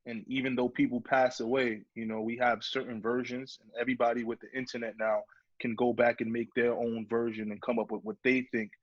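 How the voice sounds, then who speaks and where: A man's voice: mid-range voice, flat delivery, a little fast, no room sound. A man hosting a podcast who asks rambling questions and restarts them mid-sentence. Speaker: podcast host. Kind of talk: casual interview questions. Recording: dry muffled lo-fi audio.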